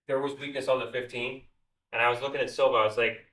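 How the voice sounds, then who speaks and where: A man in a trading class, answering the teacher quietly and briefly. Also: medium pitch, fairly even intonation, fast talker. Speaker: trading student. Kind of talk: casual class discussion. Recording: echoey, distant from the mic.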